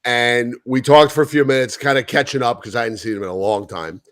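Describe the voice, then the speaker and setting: A man's voice: mid-range voice, fairly quick, a bit bright, dry recording, studio quality. A man co-hosting a sports podcast in casual chat, telling a story in a rambling way with many restarts. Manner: rambling storyteller who repeats himself and acts out quoted talk. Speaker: podcast co-host.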